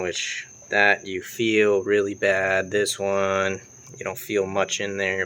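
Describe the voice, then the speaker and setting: A man's voice: sits low, bright, forceful tone, slight background noise. A man casually talking through car work in his garage, loose and profane. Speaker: car vlogger. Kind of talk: casual garage vlog talk. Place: home garage.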